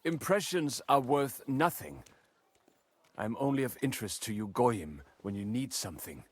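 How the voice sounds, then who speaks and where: A man's voice: medium pitch, animated, normal speed, husky. Wary, curt townsman. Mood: guarded. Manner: curt, suspicious, guarded. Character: wary, bitter adult male Jewish townsman. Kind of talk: game dialogue.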